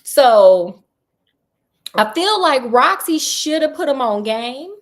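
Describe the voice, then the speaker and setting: High voiced lady retelling a kids story, chatty, sassy side comments, laughs a lot. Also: sing-song, takes it slowly. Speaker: storyteller host.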